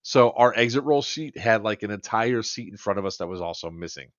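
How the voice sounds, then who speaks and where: A man's voice: fairly low pitch, fairly quick, no room sound, lo-fi sound. A man co-hosting a podcast, telling a long funny story in a casual chat and quoting people back and forth. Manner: animated anecdote-telling, quoting others in dialogue. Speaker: podcast co-host.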